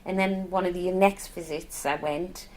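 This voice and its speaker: Nurse telling a story. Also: female voice, lowish voice, fairly even intonation, moderate pace, slight background noise, rough recording. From Northeast England. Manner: warm, candid, emotional at times. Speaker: palliative care nurse. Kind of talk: documentary interview, personal storytelling.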